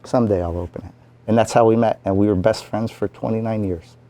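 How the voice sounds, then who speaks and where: A town mayor telling a story in an animated way, acting out the lines of the people in it. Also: male voice, on the low side, fast talker. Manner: animated, acts out quoted lines. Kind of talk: anecdotal storytelling.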